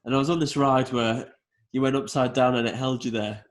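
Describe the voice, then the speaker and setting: A man hosting a chatty podcast, with a voice of ordinary middle pitch. He tells stories against himself in a relaxed way, with plenty of ums and uhs. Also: brisk. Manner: relaxed, self-deprecating storytelling with fillers. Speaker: podcast host. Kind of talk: casual chat.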